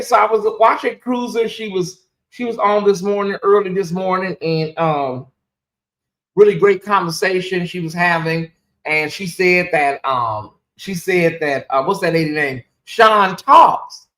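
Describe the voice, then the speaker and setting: A woman hosting a casual live stream, talking in an animated, ranting way and laughing often. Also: medium pitch. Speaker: livestream host.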